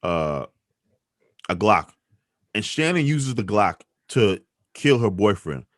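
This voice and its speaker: A man co-hosts a news talk show, pressing his points with emphatic, rhetorical questions and quick restarts. His pitch swings widely, and the sound is close and dry. He talks with the drive of someone sure of his view. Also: sing-song, a bit bright, dry recording. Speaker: co-host. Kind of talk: opinionated news commentary chat.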